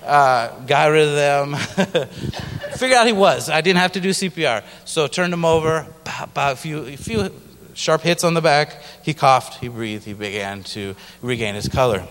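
Speaking at a normal speed, this man has a somewhat high, slightly bright voice and lively intonation. He tells his missionary testimony casually, like a story, now and then voicing other characters, while the long reverb of a large hall surrounds him.

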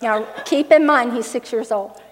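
An older woman preaching a sermon through a funny personal story, with lively laughs along the way. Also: a little high, moderate pace. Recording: long hall reverb.

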